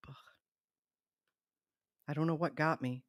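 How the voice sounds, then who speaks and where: A woman's voice: deep voice, steady tone, measured pace, no room sound, studio quality. A middle-aged woman hosting a live stream, chatting casually and rambling, laughing often. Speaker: livestream host.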